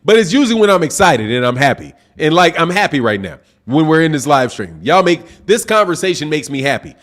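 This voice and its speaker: A man hosting a boxing live stream, talking at full volume with a lot of excitement. His voice sits high and carries. He keeps his words casual and drops "bro" into almost every line. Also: brisk. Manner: loud, projecting, excitable, says bro a lot; reads super chats aloud. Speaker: boxing channel host. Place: home live stream, sipping drinks.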